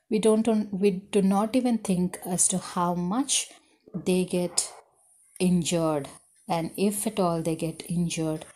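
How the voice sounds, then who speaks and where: Slow, patient woman teacher with Indian English. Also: fairly low pitch, dark tone. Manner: slow, patient, explaining words to children. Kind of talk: reading a story aloud to children with explanations.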